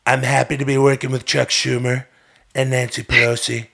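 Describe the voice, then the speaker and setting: A man's voice: mid-range voice, level tone, moderate pace, gravelly, a bit bright, pitched below the performer's own voice. A man putting on a boastful, pompous older politician who repeats grand superlatives. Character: blustering older male politician impression, boastful.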